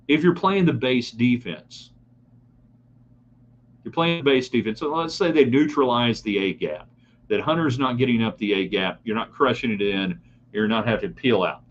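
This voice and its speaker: A middle-aged man hosts a live sports talk show, opinionated and talking straight to his listeners. His voice sits at an ordinary pitch. The sound is a bit dull, with a faint hum behind it. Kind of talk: live sports talk broadcast reading chat comments.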